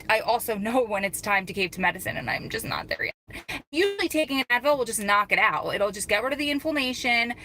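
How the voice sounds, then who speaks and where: A woman's voice: a little high, sharp tone. A woman live-streaming from her parked car, chatting casually with viewers and greeting them by name, her throat a little scratchy. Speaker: vlogger hosting a live stream. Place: parked car in a parking lot.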